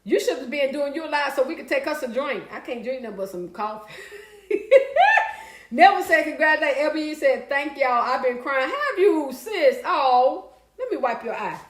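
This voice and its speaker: A woman's voice: sits high, lively intonation, normal speed, roomy sound. A woman hosting a casual live stream. She reads out viewer comments, talks back to them, and now and then breaks into song and laughter. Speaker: livestream host reading viewer comments.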